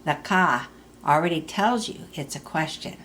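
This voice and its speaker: A woman teaching a recorded language lesson, explaining slowly and repeating example phrases. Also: low-pitched, a bit bright.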